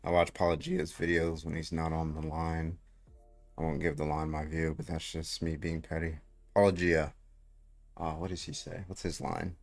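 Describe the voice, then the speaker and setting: A man with a notably low, deep voice hosts a casual livestream debate. He is brash and hyped, swears freely and fires questions at callers. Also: flat delivery, normal speed. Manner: hyped, brash, profane, calls out viewers.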